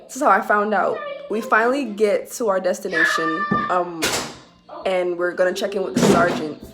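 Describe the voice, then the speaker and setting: A young woman recounts a personal story in a casual storytime. She sounds heated and swears freely, with laughter slipping in between lines. A loud hiss sits under the whole recording. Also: mid-range voice, fairly even intonation, moderate pace. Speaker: vlogger telling a military story. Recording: loud background noise hiss.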